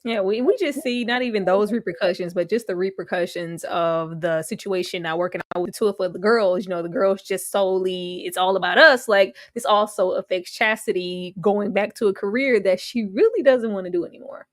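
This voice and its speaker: A woman co-hosting a casual TV recap, animated and quick to laugh as she acts out scenes. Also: mid-range voice, no echo, clean studio sound. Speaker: co-host reviewing a TV episode.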